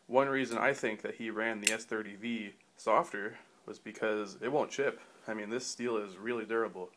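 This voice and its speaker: A man's voice: fairly low pitch, a bit bright. A man giving a casual knife review in a rambling way, full of fillers and restarts, with dry offhand humor.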